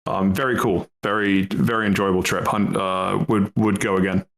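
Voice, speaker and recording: Low-voiced man telling rambling travel stories. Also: level tone, normal speed, vocal fry, a bit bright, low-quality recording. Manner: rambling, laughs often, swears freely. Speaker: podcast co-host. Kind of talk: casual podcast chat.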